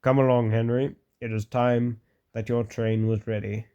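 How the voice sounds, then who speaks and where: A man reading aloud, voicing a portly male railway boss who speaks slowly and severely. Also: mid-range voice, level tone, warm tone, smooth, lo-fi sound, natural voice. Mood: stern. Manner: slow, severe and measured.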